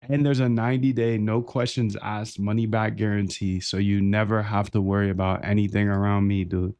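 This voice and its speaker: A man hosting a trading live stream, delivering a hyped, pushy sales pitch and calling the listener dude and bro. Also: flat delivery, moderate pace, a little mellow, clear, resonant tone, dry recording. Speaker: trading channel host.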